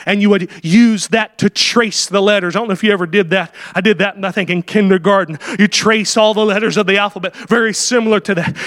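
A high-pitched man preaches with fervor. He builds to loud, shouted peaks and often breaks in with an exclamation of "Oh". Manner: fervent, rising to shouts at climaxes, exclaims "Oh". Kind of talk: sermon.

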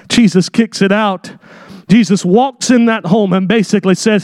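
High-voiced preacher with a dry, close sound. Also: male voice, moderate pace, no echo. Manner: dramatic, acts out voices, rising to shouts. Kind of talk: sermon.

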